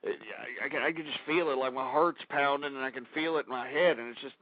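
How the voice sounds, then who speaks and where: A man's voice: medium pitch, brisk, no room sound, narrow, tinny audio. A male talk radio host ranting in distress, groaning and moaning between his complaints. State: distressed and pained.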